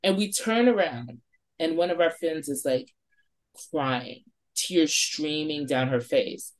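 A woman in her forties from New York, a podcast guest telling a spooky story in a lively way, swearing freely and acting out her friends' lines. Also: sits low, slow pace. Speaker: podcast guest, wine shop owner.

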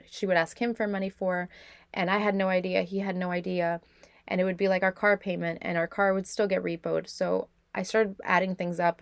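A woman's voice: on the low side, creaky, no echo. A young woman podcast host candidly telling her own life story in a reflective way, with many "like" fillers. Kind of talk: personal storytelling.

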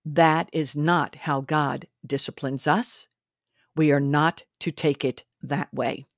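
A woman's voice: low-pitched, fairly even intonation, slow, dry recording, clean studio sound. A woman hosting a faith and parenting podcast, talking earnestly and instructively, a little preachy. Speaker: podcast host. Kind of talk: faith-based parenting talk.

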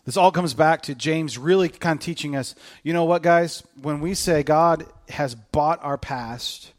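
A middle-aged male pastor preaches in a loose, conversational way, slightly high-pitched for a man. He jokes with his listeners and slips into voices when he quotes people. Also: measured pace. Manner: casual and joking, with lively acted-out quotes. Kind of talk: conversational sermon.

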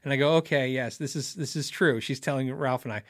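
A middle-aged man hosts a casual livestream, rambling through a story with chuckles and self-corrections before reading and answering chat. His mid-range voice moves briskly, and the studio-quality recording has no room sound.

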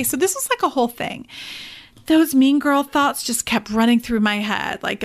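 Woman, 30s, podcast host, slightly high voice, animated confessional storyteller. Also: brisk. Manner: animated storytelling, addresses listeners as "you guys".

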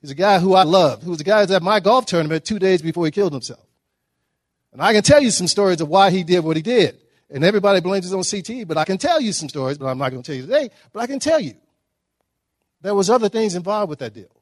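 A middle-aged man with a drawl gives a motivational talk and spins humorous stories with animated energy. His voice sits a little high for a man, and the sound is close and dry with no room echo. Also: racing. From Dallas, Texas. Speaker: guest speaker. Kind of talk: motivational storytelling speech. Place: breakfast event hall.

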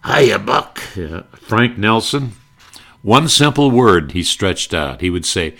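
A man's voice: lowish voice, sing-song, slow, bright, forceful tone. An older man fondly reminiscing about old-time radio, rambling from one memory to the next. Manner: fond, rambling, breaks into quoted catchphrases. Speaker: radio nostalgia speaker. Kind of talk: reminiscing talk with brief impressions.

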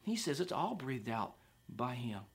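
A man preaching a sermon in an animated way, sometimes acting out doubters in a higher voice. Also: a little slow, vocal fry, husky. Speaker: pastor.

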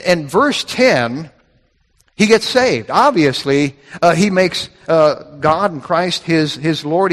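A man's voice: high voice, fairly bright tone. A man preaching a sermon from scripture, with emphatic, repetitive phrasing that builds in intensity. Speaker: pastor. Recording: reverberant hall.

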